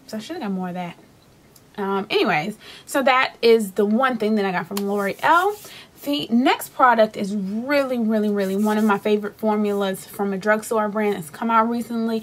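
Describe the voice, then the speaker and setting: Chatty woman reviewing lipsticks. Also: medium pitch. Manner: chatty, rambling, many fillers and restarts. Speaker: beauty vlogger. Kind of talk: casual product review.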